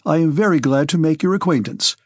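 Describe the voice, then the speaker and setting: A man's voice: on the high side, animated, brisk, breathy edge, no room sound, studio quality. A man voicing a timid young male count who talks with hesitant, forced politeness in an audiobook. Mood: timid, polite. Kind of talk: audiobook character reading.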